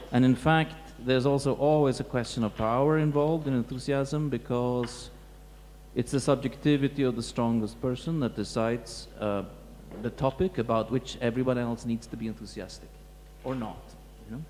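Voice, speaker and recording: A man, a museum curator, giving a reflective talk to an audience, pausing and restarting often. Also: mid-range voice, steady tone, darkish tone. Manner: halting, many restarts and fillers, reflective. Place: lecture hall. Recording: echoey hall with faint hum.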